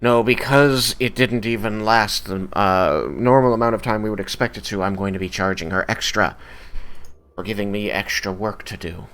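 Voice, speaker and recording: A man's voice: fairly low pitch, normal speed, fairly bright tone. A man voicing a stern, prideful female tiefling clerk who talks in an icy, curt and scolding way.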